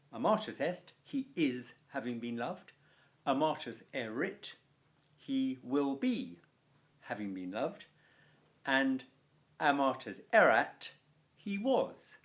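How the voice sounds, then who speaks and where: A man teaching a Latin video lesson, explaining grammar clearly and stressing key words with deliberate pauses. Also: mid-range voice.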